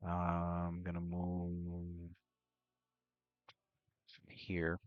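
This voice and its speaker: Man, tabletop game player, mumbling, hesitant, low voice, dry sound. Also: completely flat delivery, drawn-out words, no room sound, phone-quality sound. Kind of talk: casual tabletop game play.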